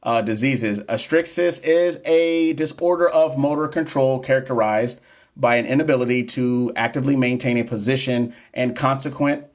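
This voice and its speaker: A man's voice: medium pitch, normal speed. Joking man in his thirties hosting a live stream. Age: 30s. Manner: joking, chatty, talks straight to viewers, stumbles on medical terms. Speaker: nursing exam coach streaming live. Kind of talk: casual live-stream chat reading exam questions.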